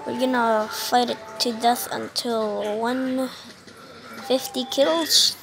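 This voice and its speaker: A woman's voice: fairly high pitch, fairly even intonation, slow pace, vocal fry, over music, low-quality recording. A young woman giving casual, joking commentary over her own gameplay, often exasperated. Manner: frustrated, joking, sings silly bits. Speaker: gaming vlogger.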